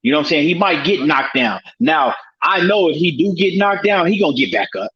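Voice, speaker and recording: A man's voice: fairly high pitch, animated, fairly quick, lo-fi sound. A man on a casual online panel, giving his view hesitantly with many fillers and slangy phrasing. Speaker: panel guest.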